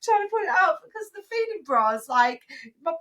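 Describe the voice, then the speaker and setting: A woman, co-hosting a casual podcast chat and animatedly acting out a story, switching into loud, high voices for the people in it. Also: sing-song. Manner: acts out voices of her crying kids and herself, gets loud and fast. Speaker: podcast co-host.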